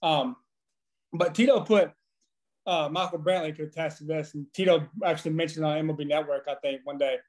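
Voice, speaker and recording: A man in his thirties, a former pitcher guest on a podcast, telling profane, animated stories with frequent laughing. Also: fairly quick. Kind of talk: casual storytelling.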